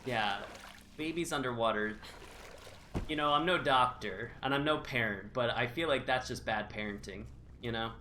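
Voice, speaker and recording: A man's voice: medium pitch, normal speed, bright, forceful tone, slight background noise. A man streaming a video game live, keeping up a jokey, nervous running commentary to himself. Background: game music.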